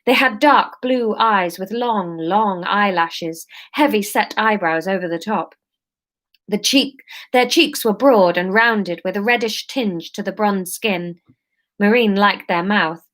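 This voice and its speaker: A woman's voice: mid-range voice, slow pace, a bit bright. Chatty woman reading aloud. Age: 30s. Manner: chatty, self-mocking, breaks off to talk to the chat. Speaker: comedian reading her book aloud on a livestream. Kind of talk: casual read-aloud with chatty asides.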